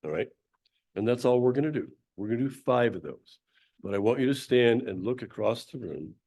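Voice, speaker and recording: Man, sunday talk, coaching a group exercise, keeps clearing his throat, mid-pitched voice. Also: animated, a little fast, darkish tone. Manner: coaching, directive instructions. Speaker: speaker leading a Sunday talk. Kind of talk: leading a group laughter exercise.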